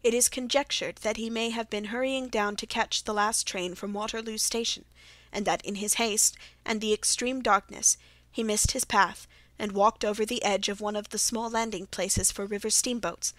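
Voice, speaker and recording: A woman's voice: medium pitch, steady tone, moderate pace, a bit bright, dry recording, natural voice. A woman reading the part of Watson, a loyal male companion, in an earnest way in a dry audiobook recording.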